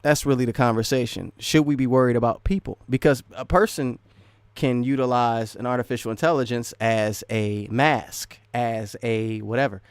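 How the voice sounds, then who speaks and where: A man's voice: medium pitch, moderate pace, smooth, dry recording. Rambling man hosting a live stream. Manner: rambling, restarts often, laughs between thoughts. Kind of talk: casual live stream chat.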